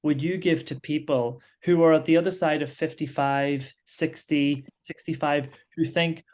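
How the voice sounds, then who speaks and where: Interviewer asking stuff, curious and encouraging, mid pitch. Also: fairly even intonation, moderate pace, a little mellow. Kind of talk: casual interview conversation.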